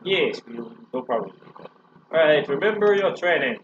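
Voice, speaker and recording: A man riffs his way through a game in a hammy mock Russian accent, his fairly high voice swinging widely in pitch. The recording is dull and lo-fi, with a faint hiss underneath. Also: sing-song, moderate pace. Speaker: let's play co-host. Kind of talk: joking gameplay commentary.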